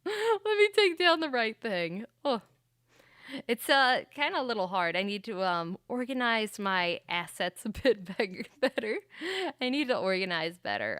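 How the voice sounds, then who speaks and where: A woman's voice: medium pitch, fairly bright tone, smooth, no echo, studio quality. A woman chatting casually on a livestream, rambling about games with frequent laughs. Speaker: streamer.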